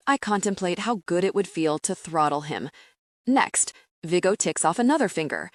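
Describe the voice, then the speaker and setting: A woman reading a first-person romance novel aloud in steady, even audiobook narration. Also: lowish voice, normal speed, no echo, studio quality.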